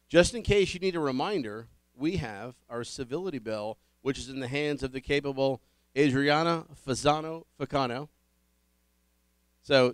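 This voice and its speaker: This event host, a man with a slightly high voice and a clear, resonant tone, opens a public dinner forum with upbeat announcements. He welcomes the diners, lays out the ground rules and introduces the panelists, and there's no echo on the recording.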